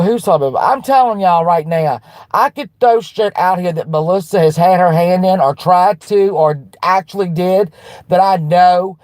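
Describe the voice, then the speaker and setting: A woman hosting a livestream, ranting bluntly with lots of swearing and restarts while answering her chat, then turning soft to apologize. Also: on the low side, dry recording, clean studio sound. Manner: blunt and profane, with frequent restarts; fired-up and defiant, turning soft when apologizing. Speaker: livestream host.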